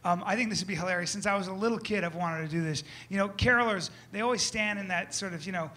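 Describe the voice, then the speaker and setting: A man's voice: high-pitched, fast, sharp tone. A man doing stand-up comedy, loose and rambling, checking in with "okay?" and "you know".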